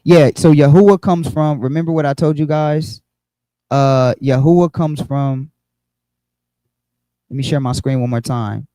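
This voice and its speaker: A man leads an online Bible study from a computer mic. His voice is dark and mellow, recorded dry and close, and he explains in a loose, repetitive way, often restarting his words. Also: a little high, fairly even intonation, measured pace, long pauses, no room sound, low-quality recording. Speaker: Bible teacher.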